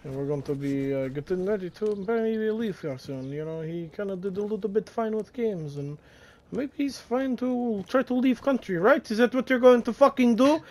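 A man's voice: high voice, expressive, normal speed. Menacing profane man interrogating in roleplay. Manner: menacing, swings from shouting to hushed taunts. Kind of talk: in-character game roleplay.

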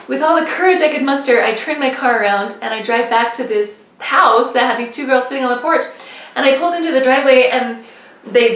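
A woman vlogger with a high voice tells a personal faith story, animated and self-mocking. She tosses in quick asides. The sound is roomy and echoey, with the mic set some distance away. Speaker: religious vlogger.

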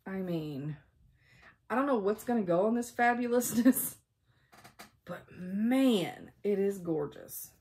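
A woman's voice: mid-range voice, expressive, slow, darkish tone, breathy edge. A woman chatting casually at home, bubbly and full of ums as she shows off craft supplies. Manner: chatty, bubbly, says um a lot. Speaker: flosstube vlogger.

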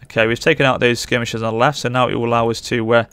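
Excitable man barking orders. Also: mid-range voice, very fast, clear, resonant tone, no echo. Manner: urgent, excitable, barks orders at units. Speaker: gaming channel host. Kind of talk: live gameplay commentary.

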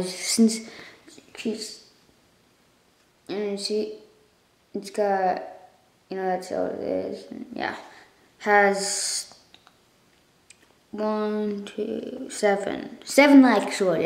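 In an echoey room, a channel owner records a casual thank-you video on her phone, meandering and correcting herself as she talks to viewers. She coughs and clears her throat at times, and her medium-pitched voice sounds a little mellow.

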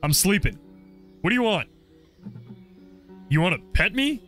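A man's voice: sits high, sing-song, a little slow, fairly bright tone, soft background music, exaggerated voice. A man voicing a grumpy, sleepy dog who snaps at people. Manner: snappy, dismissive.

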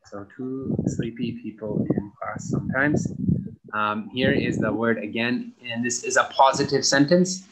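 A man teaching an English lesson to young students, explaining slowly and carefully and repeating instructions. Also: mid-range voice, noisy background. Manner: slow, careful explaining to children. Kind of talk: recorded online lesson.

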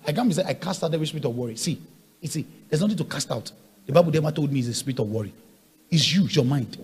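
A man preaching a sermon, swinging from quiet asides to loud shouted points and hammering on repeated rhetorical questions. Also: on the high side, animated, racing, husky, soft background music. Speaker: pastor.

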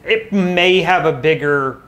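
Slow, halting high-voiced man. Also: fairly bright tone. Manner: halting, trails off and restarts. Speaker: co-host. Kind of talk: casual chat.

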